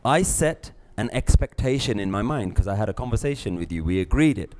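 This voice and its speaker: A middle-aged man, teaching a live class, lively, acting out little scenes and laughing often. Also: on the low side, brisk, hardly any pauses. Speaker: spiritual teacher.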